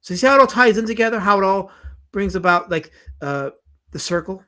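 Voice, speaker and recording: Bright, high-voiced Southern man streaming. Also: brisk. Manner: animated, jokey, repeats himself, reads chat aloud. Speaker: comics streamer host. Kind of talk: casual live-stream chat.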